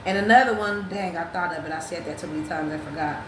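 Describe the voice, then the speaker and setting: A woman hosting a casual chat, talking in an animated, profane way, restarting her sentences and breaking into sung snippets. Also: lowish voice, fast talker, slight background noise. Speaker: podcast host. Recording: roomy echo with faint ambience.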